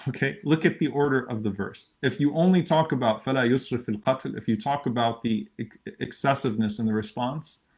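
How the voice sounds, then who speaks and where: A man's voice: medium pitch, racing, hardly any pauses, a little mellow. A man delivering a sermon for an online audience. He speaks earnestly, repeating key phrases for emphasis, and recites Arabic verses before translating them. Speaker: imam giving a khutbah. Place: virtual khutbah recording.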